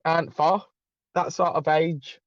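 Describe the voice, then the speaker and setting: Halting man on a dull dry mic. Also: fairly high pitch, flat delivery, dry recording. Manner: halting, restarts sentences. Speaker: chat guest. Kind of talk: casual chat.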